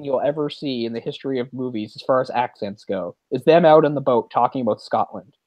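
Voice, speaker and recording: A man hosting a podcast, chatting casually about movies in a rambling, animated way with quick laughs. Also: mid-range voice, no room sound. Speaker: podcast host.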